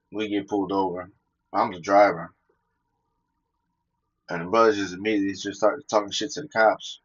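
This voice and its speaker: A man's voice: sits low, breathy edge, lo-fi sound. A man talking casually and profanely, telling personal stories and quoting scripture, laughing between his points.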